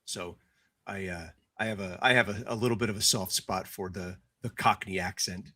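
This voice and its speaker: Guy with a bright forceful voice, stumbles and restarts a lot while chatting. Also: sits low, steady tone, normal speed. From United States. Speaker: host. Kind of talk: casual podcast chat.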